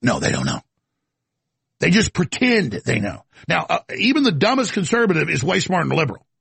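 A middle-aged man hosting a talk radio show, ranting about politics and swinging between shouting and muttered apologies. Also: on the high side, wildly swooping pitch, fairly quick, vocal fry, slightly rough, dry recording. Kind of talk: heated political radio monologue.

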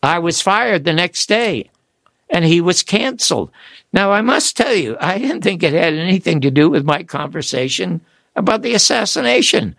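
An older man, an author and radio talk show guest, telling animated stories and acting out the people he quotes. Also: high-pitched, normal speed, creaky, dry recording. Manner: excitable, quotes people in acted voices.

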